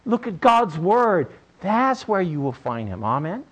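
A man's voice: sits high, sing-song, unhurried, a bit bright, low-quality recording. A male preacher delivering a sermon, telling a story in an emphatic way.

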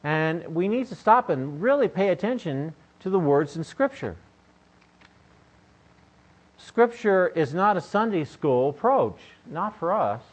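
A man's voice: high-pitched, very animated, measured pace. An older man preaching a sermon in a conversational, joking way, often asking his listeners questions. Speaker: pastor. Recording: dull lo-fi recording.

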